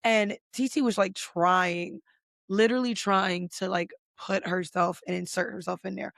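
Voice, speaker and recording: A woman hosting a podcast, recapping reality TV in casual, emphatic talk full of swearing and "like" fillers, and getting louder when she is indignant. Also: medium pitch, a little slow, creaky, no echo, studio quality. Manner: fired up, rising loud when indignant. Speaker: podcast host.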